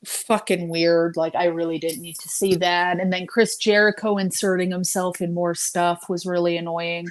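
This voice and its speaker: A woman's voice: fairly low pitch, flat delivery, normal speed, few pauses. A woman co-hosting a live wrestling watch-along, talking casually, laughing often, hedging with fillers and swearing now and then. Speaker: live stream co-host.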